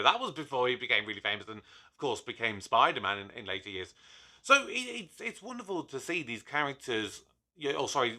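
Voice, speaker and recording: A man's voice: mid-range voice, sharp tone. A man hosting his own review channel, talking casually with enthusiasm and rambling into frequent asides. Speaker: YouTube reviewer host.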